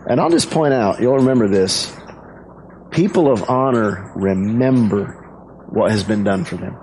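A man's voice: lowish voice, unhurried, a little mellow, a little hiss or hum, rough recording. Male pastor telling a story casually. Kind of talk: sermon.

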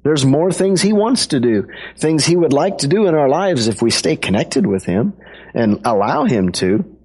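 A man's voice: a little high, big pitch swings, normal speed, darkish tone, husky. A man preaching a sermon to a congregation in a conversational, playful way, acting out quotes with his voice. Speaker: pastor.

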